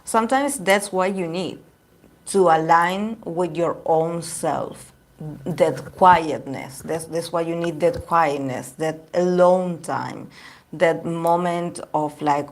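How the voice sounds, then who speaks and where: A woman's voice: on the low side, takes it slowly. A woman whose first language is Spanish, giving a casual tarot reading to camera and often searching for words. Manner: hesitant, searching for words, many fillers. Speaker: tarot reader.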